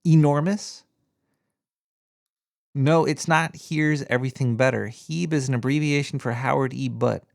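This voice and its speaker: A man's voice: medium pitch, measured pace, creaky, long pauses, no room sound, studio quality. A man hosting a call-in radio show, giggly and scattered, joking and flirting with callers. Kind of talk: casual call-in radio banter.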